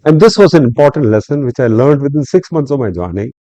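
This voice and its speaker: A man's voice: mid-range voice, fast talker, no room sound, poor audio. An older man with an Indian English accent, a retired civil servant telling stories in a podcast interview, acting out his own angry words and drawing lessons from them. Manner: animated, acts out angry quotes, lecturing.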